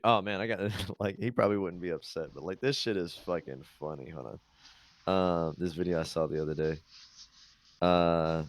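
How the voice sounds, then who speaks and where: A man's voice: sits low, no echo. A man co-hosting a podcast, telling rambling, profanity-laced stories in casual chat. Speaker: podcast co-host.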